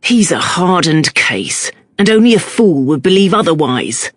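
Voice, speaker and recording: A narrator voicing a gruff, surly male police chief in an audiobook, exasperated and blunt. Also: mid-range voice, big pitch swings, a little slow, no room sound, clean studio sound.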